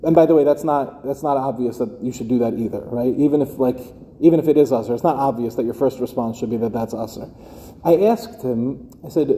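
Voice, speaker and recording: A man's voice: medium pitch, fairly quick, warm tone, big-room sound. A middle-aged man, a rabbi teaching a class of educators, who talks conversationally and keeps asking his listeners rhetorical questions. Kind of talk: lecture to a live class.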